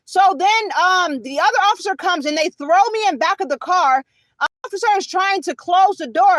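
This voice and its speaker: A woman's voice: very high-pitched, normal speed, fairly bright tone, no room sound, poor audio. A woman telling a rambling personal story, often asking "okay?" and "you know". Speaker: vlogger.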